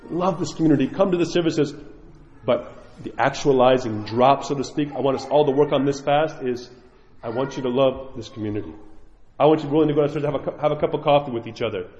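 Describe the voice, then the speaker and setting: Earnest priest preaching in an echoey church. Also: male voice, medium pitch, fast talker. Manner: earnest, pleading, swings between loud emphasis and soft asides. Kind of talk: sermon. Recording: echoey church hall, dull sound.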